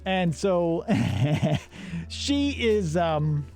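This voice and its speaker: Extremely slow and creaky, a fairly high-pitched man recaps a film as he works, with faint music behind him. He's a podcast co-host and an animated storyteller who voices the characters' lines.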